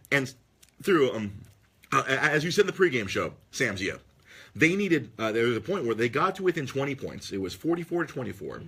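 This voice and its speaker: A male podcast host from the Los Angeles area, medium-pitched, a bit fast, with a breathy edge, tells an excitable story casually. He curses freely and slips into loud, shrieking impressions.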